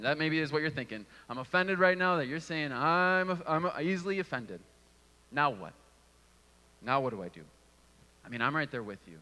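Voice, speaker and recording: A man's voice: a little high, fairly bright tone, big-room sound. A man giving a conversational sermon and sometimes restarting his words. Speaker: preacher.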